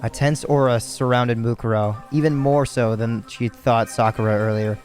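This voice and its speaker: A man's voice: mid-range voice, fairly even intonation, moderate pace, a little mellow, soft background music. A tired man reading a video game's story aloud, stumbling over words and correcting himself with casual asides. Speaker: let's play narrator.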